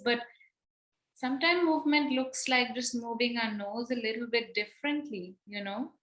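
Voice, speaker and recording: A woman's voice: fairly high pitch, moderate pace, fairly bright tone. A woman leading a playful guided movement exercise on a video call, coaxing and laughing often. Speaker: workshop facilitator. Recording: roomy echo.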